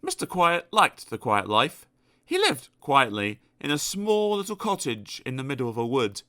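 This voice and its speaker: A man narrating a children's storybook aloud in an expressive, animated storytelling manner. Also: medium pitch, normal speed. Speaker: audiobook narrator.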